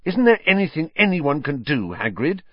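A man's voice: fairly high pitch, expressive, moderate pace, no echo, muffled recording, pitched above the performer's own voice. A man doing Harry, urgent teenage wizard. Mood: fierce. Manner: urgent and hissing. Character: earnest, fierce teenage wizard boy.

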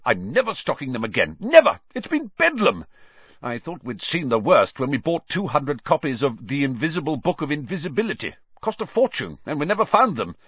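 A man voicing a harried, impatient bookshop manager in a storybook reading, going shrill and frantic. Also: big pitch swings, a little fast, hardly any pauses, husky, no room sound, muffled recording. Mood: exasperated.

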